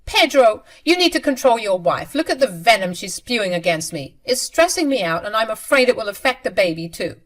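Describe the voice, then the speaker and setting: Brief: woman voicing a manipulative young mistress in a story reading, pitched up, shrill and accusing. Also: sing-song, brisk, hardly any pauses. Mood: indignant.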